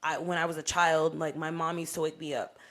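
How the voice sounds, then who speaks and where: A young woman co-hosting a podcast, telling a personal story in casual, profane chat and getting animated as she re-enacts arguments. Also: deep voice, brisk. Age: young adult. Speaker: podcast co-host.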